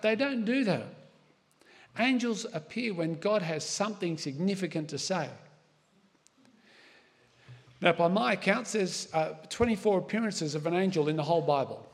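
Aussie pastor, highish voice, chatty sermon w lots of asides, big echoey hall. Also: male voice, moderate pace. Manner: conversational preaching with asides and rhetorical questions. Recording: long hall reverb.

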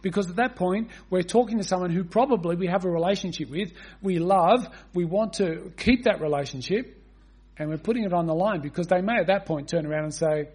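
A man delivers an expository sermon with earnest conviction. His voice sits high and carries a husky edge. He reads scripture at length and keeps turning to the congregation with rhetorical questions. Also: brisk, darkish tone. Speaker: preacher.

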